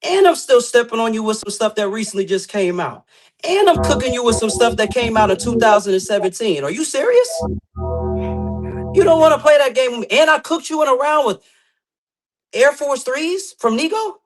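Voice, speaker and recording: High-voiced man talking trash. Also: animated, normal speed, soft background music. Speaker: guest competitor. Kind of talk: casual podcast banter.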